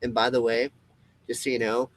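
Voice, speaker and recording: A comedy web show host delivers an impassioned, profane solo rant straight to camera, repeating himself for emphasis and restarting often. His mid-range voice has little pitch movement and a brisk pace. The recording is rough.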